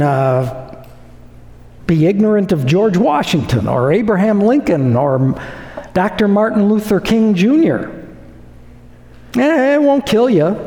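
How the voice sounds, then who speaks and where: Slow emphatic preacher in an echoing hall. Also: male voice, sits high, a little mellow. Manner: emphatic, repeats phrases for effect. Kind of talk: sermon. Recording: echoey hall with long reverb.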